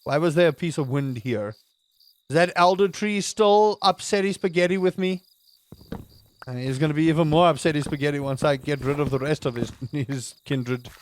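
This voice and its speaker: A man's voice: a little high, moderate pace. A man giving playful, chatty let's-play commentary with jokey wordplay. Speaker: gaming host.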